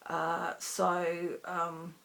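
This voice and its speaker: A woman's voice: on the low side, monotone, extremely slow, gravelly, a bit bright. A middle-aged woman chatting casually about her stitching projects in a rambling, self-deprecating way. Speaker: cross-stitch vlogger. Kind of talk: casual chat.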